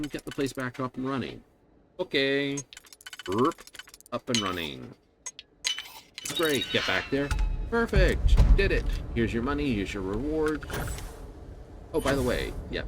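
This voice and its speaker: A man's voice: medium pitch, expressive, moderate pace, long pauses, background noise. A man streaming a space game, chatting casually and sarcastically, often mimicking the game's characters. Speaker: gaming streamer. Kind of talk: casual live-stream commentary.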